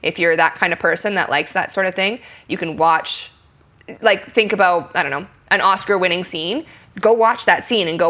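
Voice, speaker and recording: A young adult actress chatting in an interview, explaining acting with frequent ums and likes and acting out example lines. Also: female voice, fairly low pitch, animated, normal speed, sharp tone. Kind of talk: candid interview conversation.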